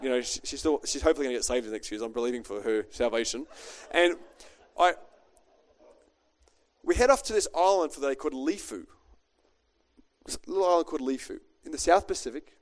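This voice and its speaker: A middle-aged man, a pastor preaching a chatty, joking sermon built on a personal story. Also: medium pitch.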